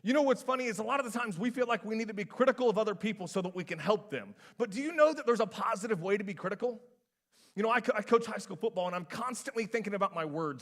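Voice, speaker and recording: High-voiced man preaching conversationally. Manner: conversational, animated, casual filler words. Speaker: pastor. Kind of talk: sermon.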